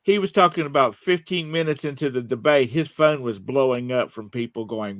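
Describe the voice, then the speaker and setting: A man's voice: medium pitch, moderate pace, dry recording. An older man hosting a casual political chat, rambling with fillers and chuckles. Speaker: host.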